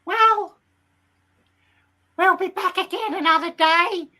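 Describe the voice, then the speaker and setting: A woman's voice: sits high, slow pace, fairly bright tone, distant mic, rough recording. P P Fowl, a woman doing a giddy hen. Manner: rambling, giddy, full of ums. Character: excitable chatty female hen. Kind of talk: comic character monologue.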